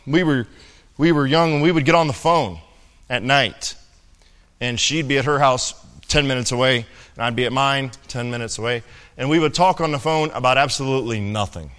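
A man's voice: mid-range voice, a bit bright. Young man, pastor, casual joking sermon, long hall reverb. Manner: conversational, jokey preaching with many "right?" asides.

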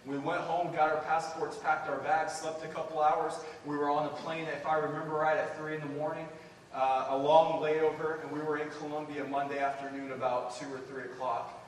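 Guy preaching in a church, earnest and worked up, slightly high voice, far from the mic with a big echo. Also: normal speed, a little hiss or hum. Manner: earnest, builds to excited emphasis, addresses "church". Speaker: preacher sharing a mission report. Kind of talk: sermon with personal story. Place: church sanctuary. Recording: echoey hall, distant mic.

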